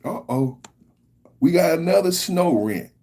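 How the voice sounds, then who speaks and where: Animated husky-voiced man ranting. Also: a little high, a little slow. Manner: animated, laughing, incredulous. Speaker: podcast host. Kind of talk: casual commentary.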